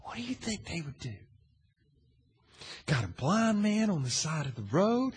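A man's voice: on the high side, sing-song, measured pace, slightly rough. Dramatic preacher man in a hall. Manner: dramatic, asks the audience questions, swings from hushed to loud. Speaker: pastor. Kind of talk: sermon. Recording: long hall reverb.

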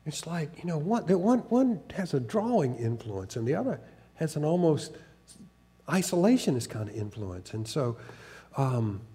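Pastor, male, faded Southern accent, slightly high voice; earnest, stop-start sermon delivery. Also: sing-song, warm tone. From American South. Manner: halting, many restarts and repeated words; earnest, with occasional laughter.

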